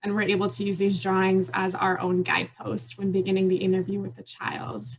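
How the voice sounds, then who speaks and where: A woman's voice: medium pitch, monotone, a little fast, creaky, husky, rough recording. A woman lawyer giving an earnest, explanatory conference presentation with occasional fillers. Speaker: immigration attorney.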